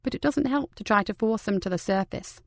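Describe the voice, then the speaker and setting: A woman's voice: mid-range voice, a little fast, creaky, no echo, close to an everyday voice. A woman voicing an older woman, a retired soldier turned gardener, reflective and dry-humored. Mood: reassuring. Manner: dry, self-mocking, reflective.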